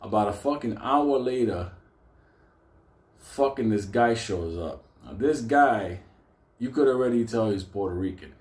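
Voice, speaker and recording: Brief: older New man, low voice, swearing raconteur, echoey room. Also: a little slow. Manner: profane, animated, acts out quotes. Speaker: storyteller. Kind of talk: casual spoken storytelling. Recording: roomy echo.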